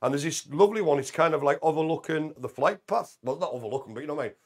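Gravelly, chatty man. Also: a little high, very fast. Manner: jokey, chatty, animated. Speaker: co-host of a live community show. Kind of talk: casual live chat.

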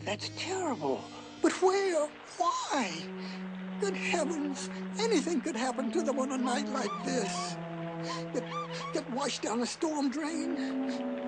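A woman's voice: high-pitched, full character voice. A woman voicing a flustered lady who frets dramatically over the lost cats.

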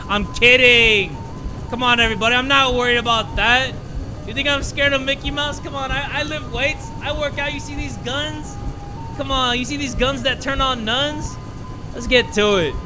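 A man hosting a horror game video, making excitable, joking commentary and yelping when startled. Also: very high voice, normal speed, soft background music. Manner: excitable, jokey, loud startled yelps. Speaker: gaming video host.

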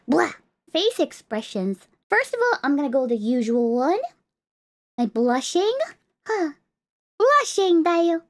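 Squeaky, bubbly streamer woman. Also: sing-song, slow pace, long pauses. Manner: cutesy, playful, exclamatory, giggly. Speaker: VTuber streamer. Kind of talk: casual live-stream outfit showcase.

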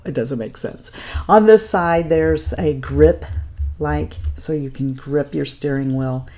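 A woman's voice: low voice, slow, warm tone. A middle-aged woman beauty vlogger chatting casually through a makeup routine, homey and upbeat with a faith-tinged sign-off. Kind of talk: casual get-ready-with-me chat.

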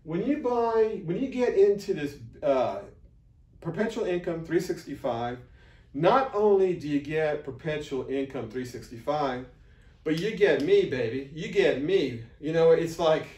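A man's voice: on the high side, expressive, unhurried, a little mellow. Rambling man, roomy distant sound. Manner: rambling, full of fillers and restarts; blunt pep-talk tone. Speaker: affiliate marketer. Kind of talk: unscripted promotional vlog.

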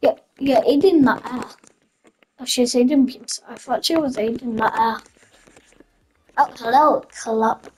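A young woman giving chatty, giggly commentary while playing a video game, easily excited and laughing often. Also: fairly high pitch, unhurried, pauses often, a little hiss or hum, low-quality recording. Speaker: gamer. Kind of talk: casual gameplay commentary.

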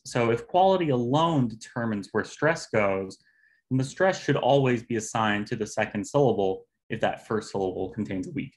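A man giving an academic linguistics talk over a video call, explaining step by step with pauses and fillers. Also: on the low side. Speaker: linguistics presenter.

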